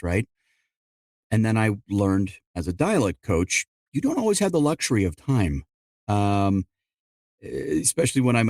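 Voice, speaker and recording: A middle-aged man, an audiobook narrator and dialect coach, answering interview questions in an explanatory way, often quoting people in quick asides. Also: medium pitch, a little mellow, no room sound, studio quality.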